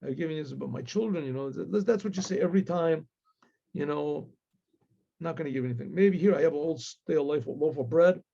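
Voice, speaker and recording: Man, rabbi storyteller, slightly high voice, gravelly, animated, dull lo-fi sound. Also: a little fast. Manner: animated, acts out voices with rising emotional pleas; frequent throat clearing and restarts. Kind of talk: casual spoken storytelling.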